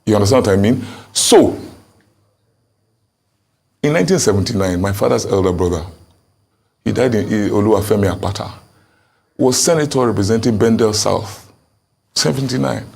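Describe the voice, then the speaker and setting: A man's voice: lowish voice, lively intonation, moderate pace, vocal fry, pauses often, darkish tone, breathy edge. A Nigerian man speaking as a political candidate, answering questions in an emphatic, insistent way. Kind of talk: interview answers.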